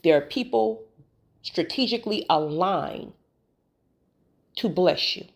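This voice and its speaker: A woman's voice: on the low side, animated, slow pace. A woman giving a preachy motivational talk on spiritual healing, colloquial and emphatic, often repeating her phrases for weight.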